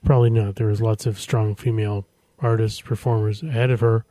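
A man's voice: on the low side, flat delivery, brisk, warm tone, no room sound. A middle-aged man hosting a radio music show, chatting casually and making self-deprecating jokes into a studio microphone. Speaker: radio host.

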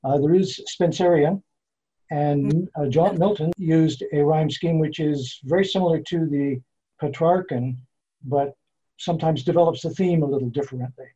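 Male poet, interview guest, husky and slightly high, careful measured delivery. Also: mellow. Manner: measured, explanatory, slows down to spell out meter. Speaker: poet and author being interviewed. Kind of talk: thoughtful interview answers. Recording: dull lo-fi sound.

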